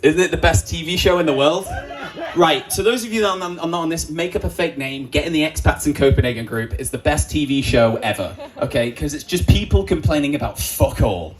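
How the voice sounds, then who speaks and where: A man's voice: a little high, animated, brisk, low-quality recording. Crude, joking male stand-up comedian. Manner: jokey, crude, acts out quoted voices. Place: comedy club stage before an audience.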